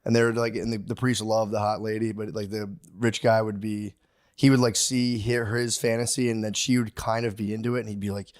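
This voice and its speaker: A man co-hosting a comedy podcast in casual chat, rambling and acting out quotes, sometimes jumping into a shrill voice. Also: little pitch movement, brisk. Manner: rambling, acts out quotes with sudden high-pitched outbursts. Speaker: podcast co-host.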